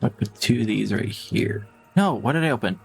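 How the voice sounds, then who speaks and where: A man's voice: medium pitch, expressive, moderate pace, vocal fry, soft background music. A man streaming a game live, chatting casually in a playful, jokey, self-deprecating way and laughing often.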